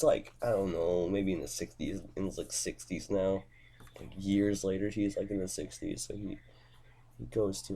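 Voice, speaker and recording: A man's voice: deep voice, mellow, breathy edge. A young man telling a rambling improvised comic story, giggling often, stumbling over words and swearing a lot.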